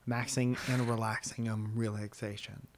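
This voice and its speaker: A man's voice: fairly low pitch, level tone, normal speed, noisy background. A man co-hosting a podcast, chatting casually and telling rambling, self-deprecating comic stories as a stand-up comedian. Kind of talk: casual chat.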